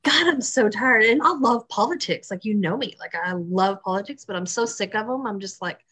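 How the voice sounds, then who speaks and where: A young woman co-hosting a podcast, talking casually in a weary, halting way. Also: medium pitch, fairly bright tone. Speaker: podcast co-host. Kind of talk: casual chat.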